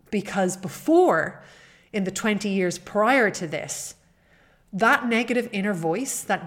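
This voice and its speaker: A woman hosting a solo podcast, talking earnestly and personally in a coaching tone. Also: mid-range voice. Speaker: podcast host.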